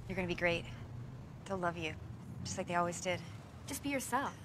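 A woman's voice: lowish voice, animated, fairly quick, noisy background, natural voice. A woman playing an eager, caring companion who fusses over someone. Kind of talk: film dialogue.

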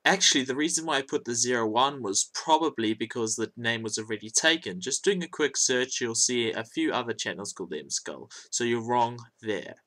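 A man's voice: medium pitch, moderate pace, few pauses, pushed and bright. A man commenting on another creator's video with mocking sarcasm and frequent swearing. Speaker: YouTube commentator.

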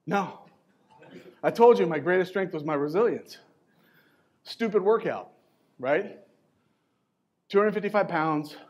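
Male keynote speaker, 40s, motivational storyteller with a slightly raised pitch; emphatic, chatty delivery with short pauses. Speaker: keynote speaker at a coaching event. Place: conference stage before a live audience.

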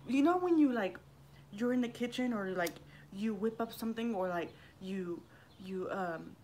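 A woman's voice: mid-range voice, lively intonation, normal speed, darkish tone, a little hiss or hum. A middle-aged woman chats loosely on her own livestream, wandering from thought to thought. She swears freely and greets viewers by name as she goes. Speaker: livestream vlogger. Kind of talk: rambling casual livestream chat.

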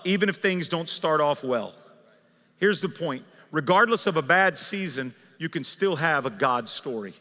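A man's voice: a little high, lively intonation, moderate pace, pushed and bright. A man preaching a sermon as a pastor, conversational and emphatic, pushing his voice up for key points in a large church sanctuary. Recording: long church hall reverb.

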